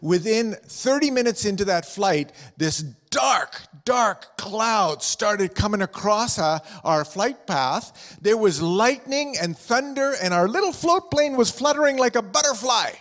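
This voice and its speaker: A man's voice: high voice, lively intonation, a little slow, few pauses, fairly bright tone. A middle-aged man preaching a sermon in church, chatty and jokey, telling stories and asking the room questions. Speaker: pastor and district superintendent. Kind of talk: sermon with humorous storytelling. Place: church hall with a live congregation. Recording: long hall reverb.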